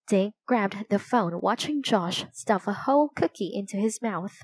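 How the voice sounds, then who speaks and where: A woman reads a children's chapter book aloud. Her storytelling is clear and measured, at a slow pace. The recording is dry and close, with no room sound. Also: medium pitch, animated, no room sound, low-quality recording. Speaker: storybook reader.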